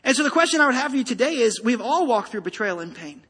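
A man's voice: very high-pitched, sing-song, fast talker, bright, forceful tone, breathy edge. A man preaching a sermon to a congregation, emphatic and rousing, speaking straight to the listeners. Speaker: pastor. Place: church sanctuary. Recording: long reverb of a large hall.

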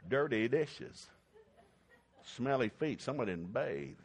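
A middle-aged man preaching a sermon, folksy and joking, swinging between loud whoops and quiet talk. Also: mid-range voice, lively intonation, unhurried, long pauses, a little hiss or hum. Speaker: pastor.

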